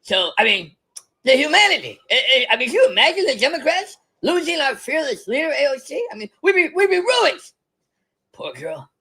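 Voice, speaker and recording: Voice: high voice, big pitch swings, fairly quick, sharp tone, full character voice. A performer doing a comic impression of a drunk, rambling older female politician who stammers, giggles and keeps restarting sentences. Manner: stammering, many false starts and giggles. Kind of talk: comedic impression monologue.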